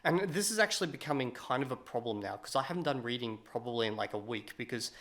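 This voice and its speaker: A man's voice: medium pitch, lively intonation, quick pace, a bit bright. A man talking casually to camera in a vlog, candid and rambling as he thinks aloud. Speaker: language-learning vlogger.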